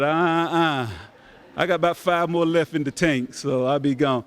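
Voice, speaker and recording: Folksy older man at a banquet. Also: fairly high pitch. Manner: relaxed, folksy and grateful. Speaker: community center director. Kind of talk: banquet announcements and thanks. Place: banquet hall.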